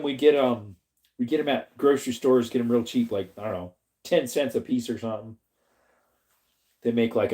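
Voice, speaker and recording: Mellow-voiced man chatting on a livestream. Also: medium pitch. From Arizona. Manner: rambling, chatty, laughs often, greets viewers by name. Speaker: livestream host reading chat. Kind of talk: casual livestream chat.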